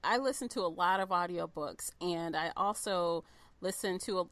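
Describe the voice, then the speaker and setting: Host: a woman with a bright voice, dry close sound, attentive interviewer. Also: fairly low pitch, normal speed, dry recording. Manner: attentive, with short affirmations and laughs. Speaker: podcast host. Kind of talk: casual interview chat.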